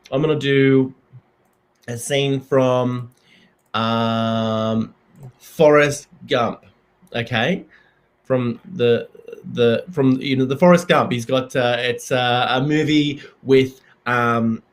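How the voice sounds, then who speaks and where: A man hosting a comedy live stream, talking in a halting, deadpan way with many fillers. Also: mid-range voice.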